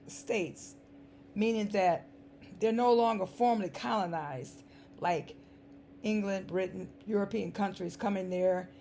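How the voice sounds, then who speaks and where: A woman's voice: mid-range voice, darkish tone. A woman with a dry, scratchy voice giving an emphatic, sarcastic commentary monologue, repeating words for stress. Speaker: vlogger.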